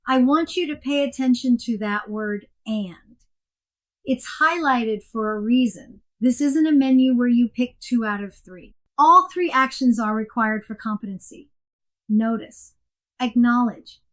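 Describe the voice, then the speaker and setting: A woman giving a scripted coaching lesson in a clear, measured and emphatic way. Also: fairly high pitch. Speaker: coaching instructor. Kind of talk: scripted instructional narration.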